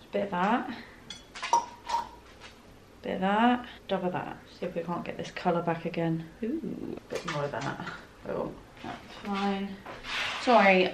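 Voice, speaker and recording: An art vlogger with a lowish voice talks slowly and casually while working in her studio, thinking aloud and poking fun at herself. The sound is roomy, with background noise.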